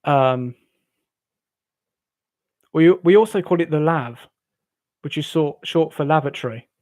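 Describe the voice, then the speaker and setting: A jovial English man hosts a casual late-night live stream, chatting loosely with his viewers. His voice sits a little on the high side for a man. The sound is close and dry, with no room around it. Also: measured pace, a little mellow, dry recording. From England. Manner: jovial, rambling, laughs often. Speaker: livestream host. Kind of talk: casual chat with live chat readers.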